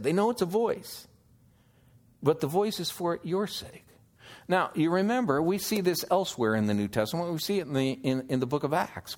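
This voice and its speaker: A man preaching an expository sermon, teaching slowly through scripture and asking the listeners questions. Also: on the high side. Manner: slow, measured teaching with scripture quotes; emphatic, questioning delivery.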